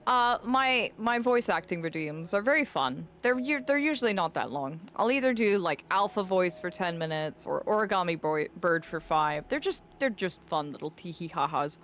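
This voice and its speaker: A woman's voice: lowish voice, animated, moderate pace, few pauses, fairly bright tone, a little hiss or hum. A woman streaming a game, chatting casually and rambling to her viewers with endearments. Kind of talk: casual live-stream chat.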